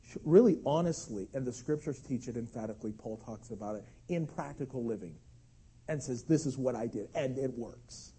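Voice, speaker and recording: A man in his thirties preaching a sermon, telling a family story with animated delivery and acted-out shouts. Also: mid-range voice, normal speed, slightly rough. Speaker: pastor.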